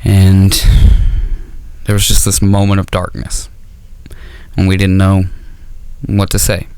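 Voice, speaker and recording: A man doing a stand-up comedy set on stage, rambling and self-deprecating with dark humor. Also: low voice, monotone, slow pace, clear, resonant tone, no echo.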